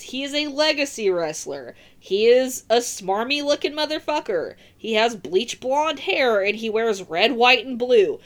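A woman hosts a casual podcast and vents her opinions in an animated, profane rant. Her voice sits fairly high for a woman and swings widely in pitch as she gets worked up. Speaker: podcast host.

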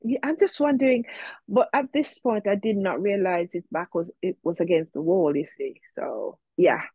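A woman's voice: fairly low pitch, normal speed, dark tone, husky, dry recording. A woman guest in an interview, telling a personal story in a reflective way, with many fillers, and quoting herself and others.

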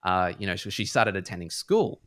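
A man's voice: sits low, very animated, a little fast, no echo. A man retelling a book in a casual podcast chat, rambling and full of fillers. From Australia. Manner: rambling, heavy on fillers like "like" and "you know".

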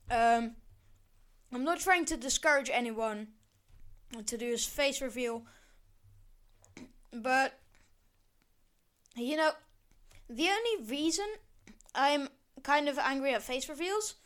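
This is a casual solo podcast rant from a teenage girl who hosts the show; she rambles, swears, backtracks, and stays sarcastic throughout. Her voice sits high with a fairly bright tone.

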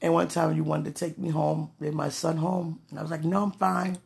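Woman vlogger, gravelly and gushing, breaking into giggles and sudden exclamations while she talks to the camera and prays aloud. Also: low voice, flat delivery, brisk, a little mellow. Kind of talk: casual talk to camera and prayer.

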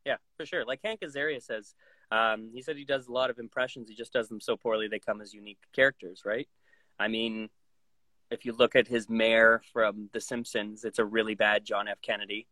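Appearing as a guest, a male voice actor talks casually with a lowish voice at a brisk pace, recorded with no echo. Animated throughout, he breaks into impressions and voices in the middle of sentences.

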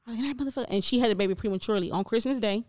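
Young woman, blunt and profane, casual storytelling chat, mid-pitched voice. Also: rapid-fire, a little mellow. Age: young adult.

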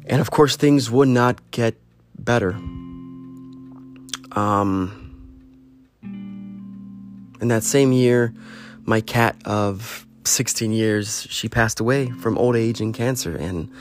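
A man's voice: lowish voice, slow pace, long pauses. A man giving a heartfelt, rambling personal monologue, earnestly urging listeners to reach out to friends. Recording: faint guitar music behind.

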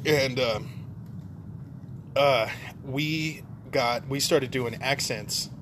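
A man's voice: medium pitch, drawn-out words, fairly bright tone. Casual chatty man, noisy background. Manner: storytelling, laughs often. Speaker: podcast co-host. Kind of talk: casual chat.

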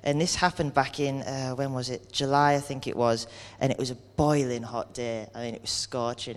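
Male preacher, mid-pitched, earnest and candid, conversational sermon in a hall with a long echo tail. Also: clear, resonant tone. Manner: earnest, candid, acts out everyday complaints.

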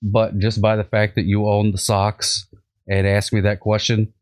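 A man's voice: on the low side, monotone, unhurried. A man hosting a casual comedic chat, rambling and jokey, with lots of restarts. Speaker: podcast host.

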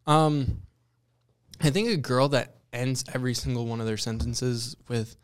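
A man's voice: mid-range voice, a little slow, smooth. A young man co-hosting a casual podcast chat, blunt and swearing freely. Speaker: podcast co-host.

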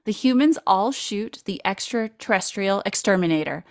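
Lively woman recapping a film. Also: medium pitch, normal speed, no echo, studio quality. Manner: playful, jokey recap with frequent laughs. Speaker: podcast host.

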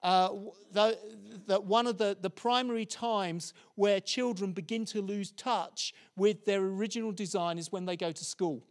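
A man's voice: sits high, steady tone, normal speed, few pauses. A middle-aged man preaching a sermon, telling stories with frequent restarts and repeated words.

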